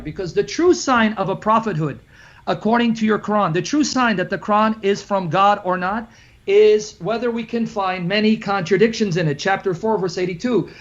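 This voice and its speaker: A man's voice: high-pitched, muffled recording. A man giving a heated, sarcastic rebuttal in a debate. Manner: combative, rapid, sarcastic. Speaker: Christian apologist debater.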